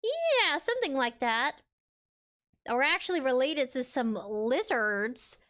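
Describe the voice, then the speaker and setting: A woman's voice: sits high, very animated, slow pace, a bit bright. A woman streamer chatting casually with viewers, reading out chat and game text in a playful, rambling way. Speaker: VTuber streamer.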